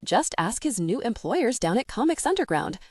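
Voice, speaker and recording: A woman's voice: on the high side, sing-song, moderate pace, no room sound, studio quality, voice pushed up. A woman voicing a sarcastic, irritable sixteen-year-old girl in an audiobook. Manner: sarcastic, snappy. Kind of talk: audiobook character voice.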